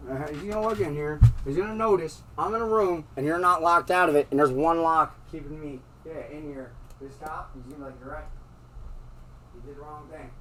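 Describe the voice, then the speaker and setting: A man's voice: a little high, a little fast, few pauses, sharp tone, distant mic, slight background noise, poor audio. A man in a heated, swearing rant about his landlord, recorded in his bedroom. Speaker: tenant in a dispute. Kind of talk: angry rant to camera. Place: bedroom at home.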